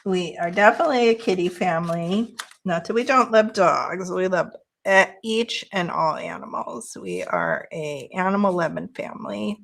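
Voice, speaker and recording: A woman's voice: normal speed, creaky, a bit bright. A woman hosting a casual crafting chat, talking easily to her viewers and cooing at her cat in between. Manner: chatty, slips into high baby talk with her cat. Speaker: craft channel host.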